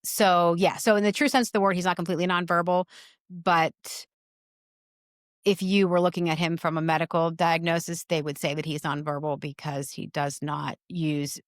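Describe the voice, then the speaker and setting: A woman in her forties, a mother talking earnestly in an interview, in quick bursts with many restarts. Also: low-pitched, dry recording, studio quality. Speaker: guest, mother. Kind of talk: conversational interview.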